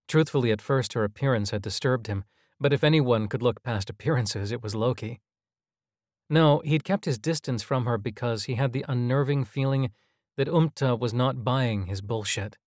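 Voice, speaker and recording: A man narrating a scripted audio drama, even and measured. His voice sits at a middle pitch, close and dry. He tells the story plainly. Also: dry recording.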